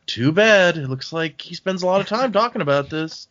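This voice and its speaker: A man's voice: sits high, lively intonation, moderate pace, fairly bright tone, dull audio, pitched above the performer's own voice. A man voicing a melodramatic, sarcastic teenage girl in a podcast recap, over the top.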